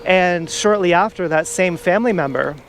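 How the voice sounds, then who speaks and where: Here the vlogger's voice is high-pitched and his pace is normal as he walks around town. He tells a rambling, confessional story about himself, cursing without restraint, while faint traffic carries on nearby.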